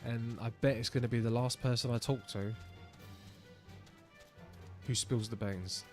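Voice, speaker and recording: A man's voice: medium pitch, fairly even intonation, a little slow, faint music behind. English man muttering game commentary. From England. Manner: muttered asides, self-deprecating. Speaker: streamer.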